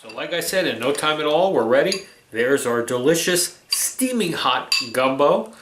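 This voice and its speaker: A man's voice: fairly high pitch, expressive, normal speed, a bit bright. A man hosting a home cooking vlog, chatting in an easygoing way and tasting his food as he talks. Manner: chatty and easygoing, keeps saying alrighty. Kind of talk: casual cooking vlog chat. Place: home kitchen. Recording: echoey kitchen room.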